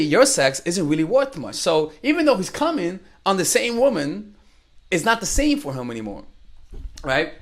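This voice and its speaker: A young man coaching women on dating, talking bluntly and with profanity, acting out bits of dialogue. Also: high voice. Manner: blunt, profane, animated, acts out quoted dialogue. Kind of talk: direct-to-camera advice talk.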